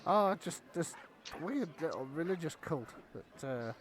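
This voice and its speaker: A man's voice: fairly high pitch, big pitch swings, unhurried, husky, full character voice. A man voicing a wary, rambling male goblin who stammers and distrusts outsiders.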